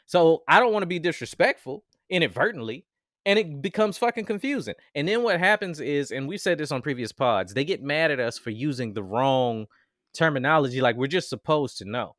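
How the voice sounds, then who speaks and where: Opinionated man with a lively voice. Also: on the high side, brisk, no room sound, studio quality. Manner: opinionated, swears casually. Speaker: podcast host. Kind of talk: casual chat.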